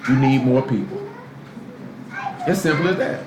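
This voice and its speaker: A man's voice: mid-range voice, expressive, normal speed. A man preaching a live sermon in a loose, street-style way, full of rhetorical questions. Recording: echoey room, faint background noise, live stream.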